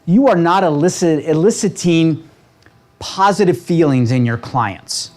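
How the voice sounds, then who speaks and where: A man leading a real estate training seminar, talking with a lively, coaching manner and checking in with the room constantly. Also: on the high side, measured pace. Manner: animated, asks the room constant "right?" questions. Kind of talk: motivational seminar talk. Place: seminar room with a live audience.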